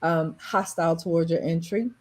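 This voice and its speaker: A woman's voice: on the low side, fairly even intonation, normal speed, darkish tone. An American woman who works in leadership development, speaking thoughtfully and emphatically on a video call. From United States. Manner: thoughtful, emphatic, repeats for stress. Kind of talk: casual online panel chat.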